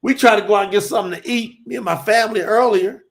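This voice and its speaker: A man preaching fervently on a livestream, shouting scripture and then reading from his chat. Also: high-pitched, fast talker. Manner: shouts and drawls, reads chat aloud.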